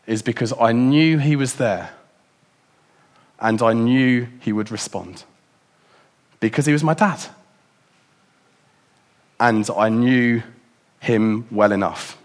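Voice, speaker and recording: Reflective male preacher asking questions. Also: mid-range voice. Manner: reflective, many rhetorical questions. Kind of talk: sermon.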